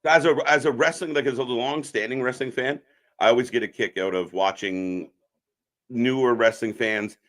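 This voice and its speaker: A man co-hosting a live wrestling stream, chatting casually and reacting loudly to the action. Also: medium pitch, moderate pace.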